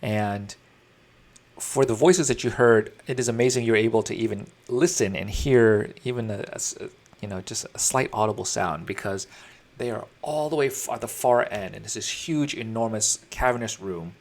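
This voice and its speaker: A man's voice: fairly low pitch, moderate pace. A man narrating as dungeon master in a tabletop game, talking casually with fillers and restarts.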